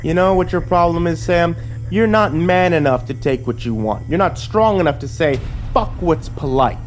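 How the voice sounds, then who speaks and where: A man puts on a villainous sheriff for a horror story, his voice pitched well above his own and pushed out louder. The sheriff drawls and sneers, mocking with cold cruelty. Soft music plays beneath. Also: moderate pace, lightly acted. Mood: menacing.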